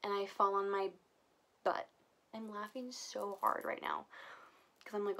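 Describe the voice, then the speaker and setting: A woman's voice: medium pitch, fairly even intonation, normal speed, long pauses, a bit bright. A young woman vlogger telling a casual storytime, chatty and full of filler words. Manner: chatty, heavy use of filler "like".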